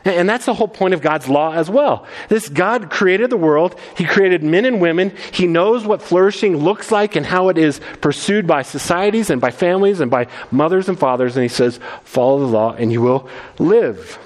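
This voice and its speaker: A pastor preaching an earnest sermon, explaining scripture verse by verse, often repeating the first words of a phrase. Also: male voice, high voice, animated, moderate pace, few pauses, big-room sound.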